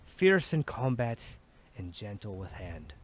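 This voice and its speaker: A man's voice: fairly low pitch, big pitch swings, slow pace, husky, heavily acted. A man doing a solemn old dwarf warrior. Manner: solemn and earnest. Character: old dwarf warrior bidding farewell, proud and kind.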